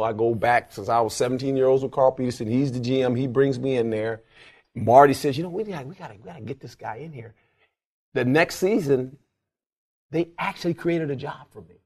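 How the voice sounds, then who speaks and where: An older former football coach recounts stories during an animated interview, heavy on emphasis and laughter. When quoting people, he acts the lines out in a raised, high voice.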